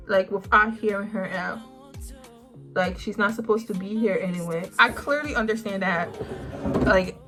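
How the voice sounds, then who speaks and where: Young woman telling an emphatic storytime. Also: medium pitch. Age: young adult. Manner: animated, emphatic, drawn-out words. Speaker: vlogger. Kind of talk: storytime vlog.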